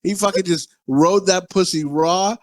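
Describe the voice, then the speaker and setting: Dude rambling crude stories on a movie podcast, voice sits a bit high, swears a ton. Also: male voice, a little slow. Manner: profane, rambling storyteller. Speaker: podcast co-host. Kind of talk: crude casual chat.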